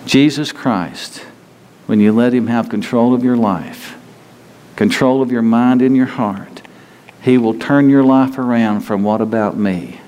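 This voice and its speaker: A man's voice: medium pitch, unhurried, mellow. A man preaching a sermon in a folksy, conversational way, acting out quotes of the people he talks about. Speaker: pastor. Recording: long hall reverb, faint ambient noise.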